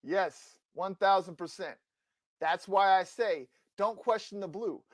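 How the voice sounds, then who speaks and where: A man's voice: high voice, a little slow, dry recording. A man co-hosting a sports podcast, ranting with passion and emphatic, combative insistence into a close mic. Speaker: podcast co-host. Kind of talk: fired-up sports rant.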